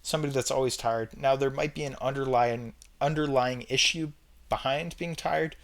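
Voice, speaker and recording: A man's voice: medium pitch, steady tone, normal speed. Young man ranting casually about habits. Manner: emphatic, repeats his points, chatty fillers. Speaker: vlogger ranking red flags. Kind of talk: casual opinion monologue.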